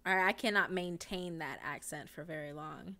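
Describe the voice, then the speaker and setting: A woman's voice: on the low side, moderate pace, sharp tone. A young woman from the American South chatting casually on a stream, giggly and rambling with lots of fillers. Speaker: streamer and voice actor. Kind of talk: casual chat.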